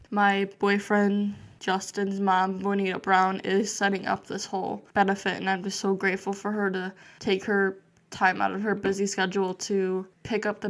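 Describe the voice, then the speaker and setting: A young woman being interviewed on a podcast, talking nervously and hesitantly with many fillers. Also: medium pitch. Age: young adult. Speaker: guest.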